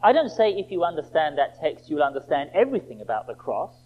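A man preaching a sermon, emphatic and rhetorical, slowing right down for quoted scripture. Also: fairly high pitch, very animated. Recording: tinny phone-like band.

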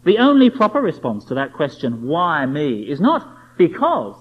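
A man's voice: on the high side, wildly swooping pitch, moderate pace, breathy edge. A man preaching a sermon, emphatic and full of rhetorical questions aimed at the listener. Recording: dull lo-fi recording.

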